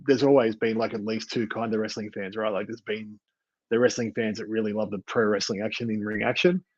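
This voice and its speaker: A man's voice: on the low side, fairly even intonation, brisk, darkish tone, no room sound, highs cut off. A man co-hosting a wrestling review podcast in casual chat, rambling with many fillers and restarts. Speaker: podcast co-host.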